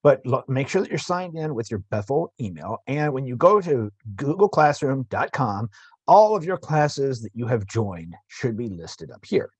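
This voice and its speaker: A man teaching a course, explaining an online classroom tool in a gravelly morning voice, halting and restarting as he talks. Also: mid-range voice, sing-song, dry recording. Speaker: instructor. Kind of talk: screen-recorded tutorial.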